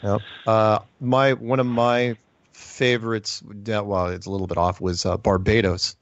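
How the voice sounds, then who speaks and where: A man's voice: fairly low pitch, little pitch movement, measured pace, no room sound. Middle-aged male host, rambly and full of restarts, dull lo-fi recording, dry. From United States. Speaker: podcast host. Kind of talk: casual chat. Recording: dull lo-fi sound.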